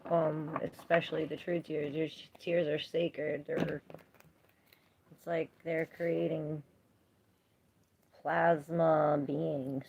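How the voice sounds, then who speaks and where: A woman with a low, gravelly voice gives a live tarot reading, chatting with viewers, reading their comments aloud and laughing often. Background noise is audible.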